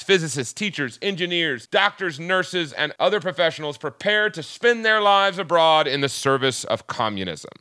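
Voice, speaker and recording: A Southern US man co-hosts a podcast in a casual, jokey way and works through history with plenty of ums. His voice is bright and forceful. The recording is dry and close, with no room sound. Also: fairly high pitch, no room sound. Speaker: podcast co-host.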